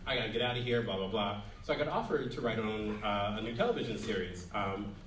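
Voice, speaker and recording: A male host chatting casually on stage, halting, with many ums and restarts. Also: on the low side, fairly bright tone, slight background noise. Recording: echoey hall, distant mic, audience.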